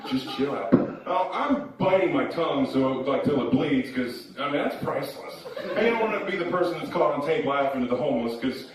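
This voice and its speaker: Animated stand-up comic in an echoey club. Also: male voice, on the high side, fairly quick, a crowd in the background. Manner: animated, loud bursts when acting out characters. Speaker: stand-up comedian. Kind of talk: stand-up storytelling. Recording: echoey room, heard from a distance.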